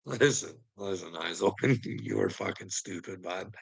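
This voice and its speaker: Gravelly man, profane and rambling. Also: deep voice, animated, takes it slowly, rough recording. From Canada. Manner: profane, rambling, laughing between sentences. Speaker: livestreamer talking to chat. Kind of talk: rambling livestream monologue.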